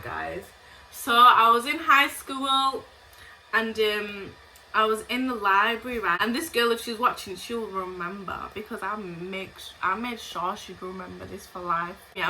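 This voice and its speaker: A woman's voice: mid-range voice, slight background noise, low-quality recording. A young woman telling a story from her school days as a casual storytime vlog, blunt and full of swearing. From England. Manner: animated, profane and blunt. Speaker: vlogger.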